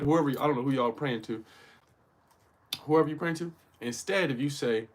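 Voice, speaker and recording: A man's voice: on the high side, a little fast. A man hosts a casual motivational livestream, talking straight to his viewers. His speech is loose, slangy and full of swearing. He keeps checking that his listeners are following along. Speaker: host.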